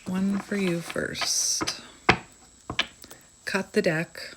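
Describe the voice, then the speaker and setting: A woman's voice: fairly low pitch, takes it slowly, a bit bright, a little hiss or hum. A woman chatting casually as she gives a tarot reading, laughing often and thinking aloud. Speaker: tarot reader.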